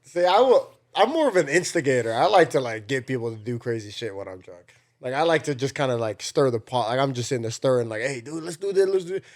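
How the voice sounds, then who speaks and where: A man's voice: medium pitch, lively intonation, fast. A young man co-hosting a podcast in casual chat, telling stories with a laid-back manner and laughing between phrases. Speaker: podcast co-host.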